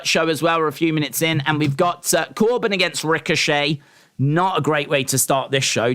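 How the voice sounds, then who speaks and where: A man with a slightly high, somewhat bright voice hosts a casual live stream, reacting to wrestling and boxing. He rambles and shares strong opinions, with plenty of ums and restarts.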